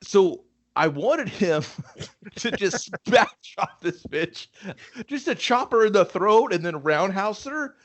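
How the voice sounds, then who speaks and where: A man whose pitch leaps around as he riffs excitably on a film, swearing and breaking into little acted-out bits. His talk is loose, restless podcast banter. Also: slow pace. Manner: excitable, acts out bits, many restarts. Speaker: movie review podcast co-host. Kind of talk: casual profane banter.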